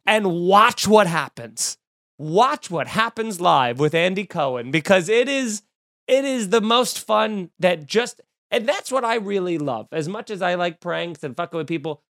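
A man hosting a comedy podcast, telling jokey stories in a casual chat with sudden loud outbursts. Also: high voice, animated, unhurried, no room sound, clean studio sound. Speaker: podcast host.

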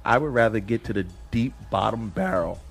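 A man co-hosting a casual movie chat, excitable and slangy, laughing often. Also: lowish voice, brisk, vocal fry, slightly rough, soft background music. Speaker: podcast co-host.

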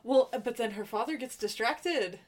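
A woman's voice: a little high, normal speed. A woman co-hosting a podcast, chatting about a movie with sarcastic jokes. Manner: sarcastic, joking. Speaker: podcast co-host. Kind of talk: casual movie recap chat.

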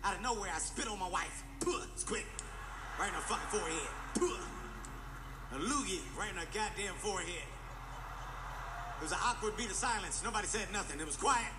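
A man doing animated, profane stand-up comedy storytelling and acting out the voices in his stories. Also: high voice, a little fast, over music.

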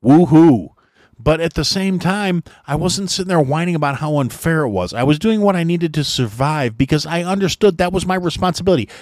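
A middle-aged man rants angrily into the mic, swearing constantly and dripping with sarcasm. His voice sits a little high for a man. The room sounds dry and close, with no echo. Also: lively intonation, fairly quick, hardly any pauses. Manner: angry, sarcastic, heavy swearing, mocking whiny voices. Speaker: podcast host. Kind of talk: profane ranting monologue.

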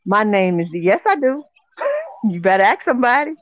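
Playful, giggly, lively woman. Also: medium pitch, moderate pace, no room sound, lo-fi sound. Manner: playful, giggly, self-assured. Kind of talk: casual chat.

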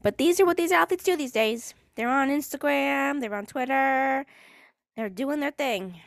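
A woman's voice: sits high, normal speed, gravelly, dry recording, studio quality. A woman hosting a solo podcast, ranting in a sarcastic, exasperated way and swearing freely. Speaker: podcast host.

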